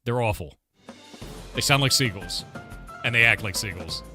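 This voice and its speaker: A man's voice: on the low side, expressive, moderate pace, music in the background. A man casually chatting with his livestream audience, rambling and blunt, swearing now and then. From United States. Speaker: streamer and game developer.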